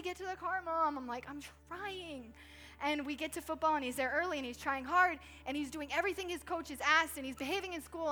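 A woman's voice: sits high, sharp tone. A woman in her thirties giving a conversational sermon in church, telling stories in a chatty way with lots of "like". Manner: chatty storytelling with frequent "like". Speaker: pastor's wife preaching. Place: church stage.

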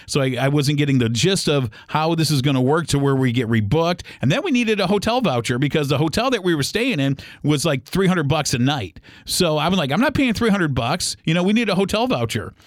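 A middle-aged man hosting a podcast, telling a travel story in a casual, animated, rambling way with many restarts. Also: fairly high pitch, no echo, studio quality. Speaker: podcast host.

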